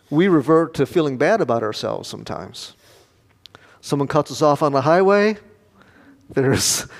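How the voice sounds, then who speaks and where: An older man preaching a sermon, telling homely family stories and asking the congregation questions. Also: a little high. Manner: folksy storytelling, asks the congregation questions. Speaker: pastor. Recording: long reverb of a large hall.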